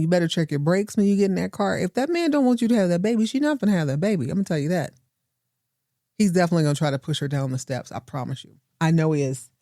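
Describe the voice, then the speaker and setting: A woman recapping a TV episode for her podcast, chatty and emphatic, reacting to scenes as she goes. Her voice is mellow and sits on the low side. The recording is dry and close, with no room sound. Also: dry recording. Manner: chatty, emphatic, talks back to the screen. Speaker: podcast host.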